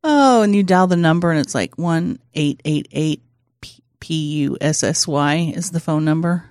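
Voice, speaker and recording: A woman's voice: low-pitched, darkish tone, no echo, studio quality. A woman co-hosting a casual comedy podcast, riffing crude jokes and reacting to her co-host. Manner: crude, quick-witted riffing.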